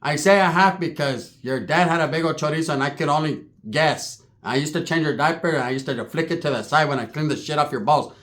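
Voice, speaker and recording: A man's voice: on the high side, a little fast, hardly any pauses, a bit bright, natural voice. A man voicing a foul-mouthed, scolding middle-aged aunt who rambles crudely.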